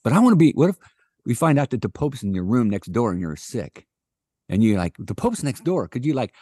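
A man's voice: mid-range voice, very animated, brisk, warm tone, husky, no room sound, studio quality. A man co-hosting a comedy podcast who asks playful, curious questions and spins hypotheticals in casual chat. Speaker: podcast co-host.

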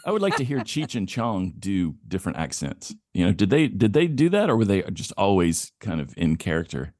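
A man's voice: deep voice, big pitch swings, fairly quick, darkish tone, no echo, clean studio sound. A man co-hosting a podcast in casual chat, rambling loosely, laughing easily and swearing now and then. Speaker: podcast co-host.

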